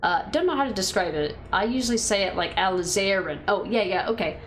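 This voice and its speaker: A woman's voice: mid-range voice, lively intonation, fairly quick, slight background noise. A woman streaming a game, chatting casually with her viewers and thinking aloud with fillers and restarts. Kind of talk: casual chat reading viewer comments.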